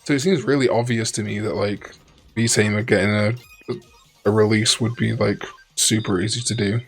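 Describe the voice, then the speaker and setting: A man's voice: on the low side, fairly even intonation, moderate pace, breathy edge, soft background music. A man chatting and joking casually as co-host of a Let's Play. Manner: chatty, joking, rambling asides. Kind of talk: casual gaming chat.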